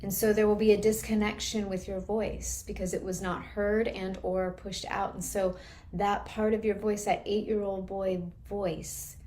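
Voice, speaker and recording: An earnest woman coach talks through ideas in a live class. She speaks in a steady mid-range voice and explains each point patiently. She keeps a calm teaching manner throughout. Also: mid-range voice, measured pace, slight background noise. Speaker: trauma recovery coach.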